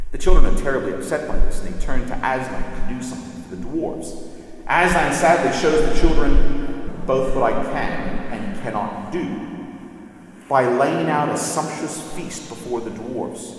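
A man giving a measured, reflective literature lecture, reading passages aloud. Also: medium pitch, lively intonation, a little hiss or hum. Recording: echoey hall with long reverb.

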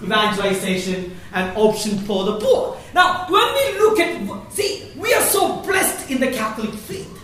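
A woman giving a Catholic faith workshop talk, animated and laughing often as she speaks. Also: on the high side, measured pace, few pauses. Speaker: workshop presenter. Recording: echoey hall, voice from far off, faint noise.

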